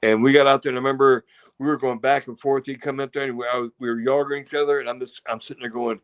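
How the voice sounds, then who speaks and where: A middle-aged man talks through long, rambling stories in a relaxed interview. He acts out what others said and drops in punchy sound effects. His voice sits at an ordinary middle pitch. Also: fast. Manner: rambling, acts out quotes and crowd noises. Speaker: interview guest, former pro wrestler. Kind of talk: casual storytelling interview.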